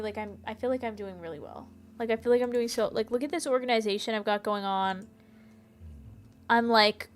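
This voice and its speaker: A woman with a fairly high, fairly bright voice gives casual let's-play commentary on a detective game. Between giggles she reads the game text and talks with viewers, and faint music runs in the background.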